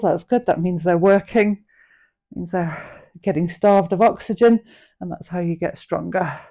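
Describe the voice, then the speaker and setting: A woman's voice: medium pitch, dark tone. A middle-aged woman leading a live online workout class, cueing each rep and posture in an encouraging, practical way. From England. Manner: encouraging, cueing reps and form. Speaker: fitness instructor.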